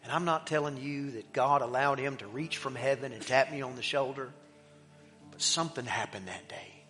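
A middle-aged man preaching in a church, telling a personal story in an animated way that swings between loud emphasis and hushed, quiet passages. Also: mid-range voice, normal speed. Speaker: pastor. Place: church sanctuary. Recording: long hall reverb with faint music.

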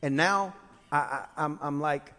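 A man's voice: a little high, unhurried, bright, forceful tone. A man preaching a sermon as pastor, telling a story in a humorous, conversational way with frequent restarts. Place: church sanctuary. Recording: long church-hall reverb.

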